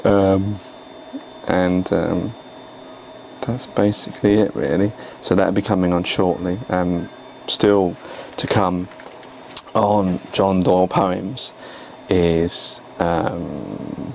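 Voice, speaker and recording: A man chatting on a video blog about his own writing, wandering through thoughts with hesitant, self-deprecating asides. His voice is very low and gravelly, with little rise and fall. A faint hiss sits under the talk. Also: fairly even intonation, takes it slowly, darkish tone, poor audio. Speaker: poet and vlogger.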